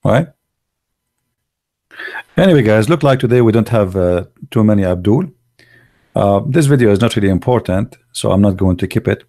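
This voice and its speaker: A man delivers a blunt online monologue. His voice is gravelly and dark, with a mellow tone. He speaks in broken, English and presses his points with rhetorical questions. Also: fairly low pitch, lively intonation, normal speed, long pauses. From Arab world. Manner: broken, non-native grammar. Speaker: online show host. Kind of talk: opinionated livestream monologue.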